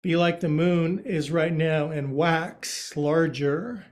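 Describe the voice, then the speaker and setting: Slow, high-voiced man leading yoga. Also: fairly even intonation. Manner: counts poses aloud and jokes about words. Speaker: yoga teacher. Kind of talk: guided yoga class. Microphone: livestream from his own space.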